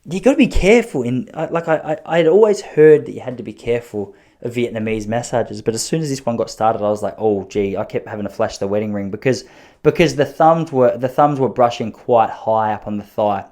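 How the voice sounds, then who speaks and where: A man hosting a podcast, telling long self-mocking stories in an animated way, with frequent restarts. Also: medium pitch, brisk. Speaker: podcast host. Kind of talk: storytelling podcast chat.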